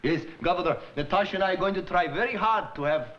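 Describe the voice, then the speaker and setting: A man acting out a proud Russian father who speaks with a Russian accent in a formal, deliberate way, chuckling between phrases. His voice sits fairly high. The sound is a dull old TV film with a light hiss. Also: lightly acted. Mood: formal, amused. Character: proud Russian father, middle-aged, warmly gruff. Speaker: visiting father. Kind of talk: 1970s sitcom acting.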